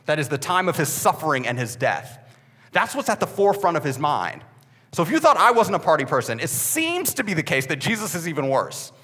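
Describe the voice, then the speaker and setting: A young male preacher with a bright, fairly high voice that swings widely in pitch. He jokes and restarts sentences, repeating words as he builds his point. A long reverb trails each phrase, as if in a large hall. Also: very animated, a little fast. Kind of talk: sermon.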